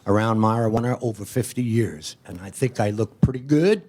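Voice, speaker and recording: A man's voice: lowish voice, animated, brisk, darkish tone. Plainspoken man in his seventies. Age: 70s. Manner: plainspoken, casual. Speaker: audience member giving public comment. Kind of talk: public comment at a meeting. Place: meeting hall.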